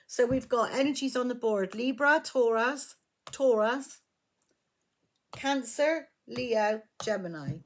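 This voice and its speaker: A woman's voice: fairly high pitch, takes it slowly, very noisy. A woman giving a tarot reading, blunt and emphatic, swearing freely as she lays out the cards. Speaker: tarot reader.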